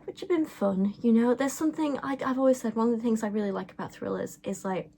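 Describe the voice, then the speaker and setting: A woman's voice: fairly high pitch, fast, gravelly, warm tone, husky. A young woman chatting casually to camera, rambling with lots of fillers as she vlogs. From England. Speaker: vlogger.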